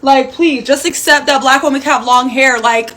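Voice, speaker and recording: A woman's voice: high voice, fairly even intonation, moderate pace, a bit bright. A woman responding in a vlog, insistent and exasperated.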